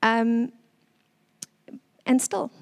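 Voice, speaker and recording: A young woman giving an earnest, tearful church testimony, pausing often. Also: on the high side, creaky.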